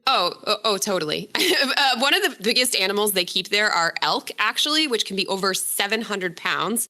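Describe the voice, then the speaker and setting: A woman's voice: medium pitch, expressive, normal speed, pushed and bright. A woman casually explaining a news story in conversation, chatty, often correcting herself and laughing.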